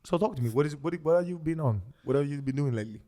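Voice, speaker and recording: A man's voice: fairly high pitch, lively intonation, racing, dark tone, no room sound. A man in his thirties from Greece with a slight Greek accent, hosting a casual interview in a playful, teasing way and often repeating his words. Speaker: host.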